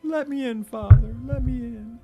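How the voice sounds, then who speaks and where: A man's voice: very high-pitched, moderate pace, warm tone, faint music behind, pitched above the performer's own voice. A man voicing his pet dog begging to be let in, in a pleading, babyish way.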